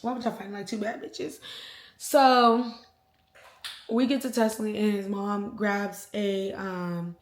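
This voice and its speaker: A young adult woman vlogger telling an animated, slangy storytime with sound effects. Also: medium pitch, slow pace. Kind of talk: storytime vlog. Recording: roomy echo.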